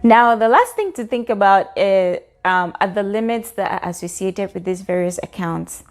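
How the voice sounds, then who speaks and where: Speaking to camera at a moderate pace, a woman earnestly explains personal finance to her viewers point by point. Her middle-pitched voice is steady and encouraging, with the occasional "um".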